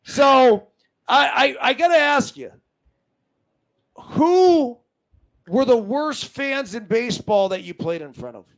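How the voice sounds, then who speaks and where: A man in his forties co-hosting a casual sports show, with a strikingly high-pitched voice. He talks in an excitable, emphatic rush, swearing freely as he riffs and tells stories. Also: takes it slowly, pauses often, poor audio. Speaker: co-host, former baseball player.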